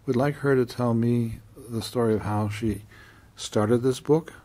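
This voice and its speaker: A man hosting an interview show, asking guests quick clarifying questions and often cutting in. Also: medium pitch, fairly even intonation, mellow. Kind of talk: casual interview.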